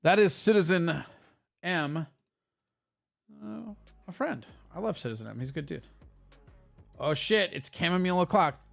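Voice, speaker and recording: A man's voice: a little high, expressive, moderate pace, vocal fry, long pauses, faint music behind. A man hosting a casual live stream, talking loosely and swearing as he reads and answers chat messages.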